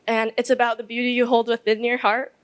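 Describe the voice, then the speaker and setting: A woman's voice: a little high, level tone, brisk, clean tone. A young woman giving an emotional farewell speech at a ball, nervous and tearful, stumbling over her words. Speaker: outgoing court member giving a farewell speech. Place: ballroom event.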